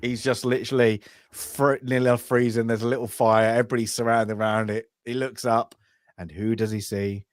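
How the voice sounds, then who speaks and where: A man's voice: mid-range voice, level tone, brisk, no echo. Casting: man in casual film-club chat, meandering and chatty, dry mic. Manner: rambling, many restarts and fillers, acts out characters' lines. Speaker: film review co-host.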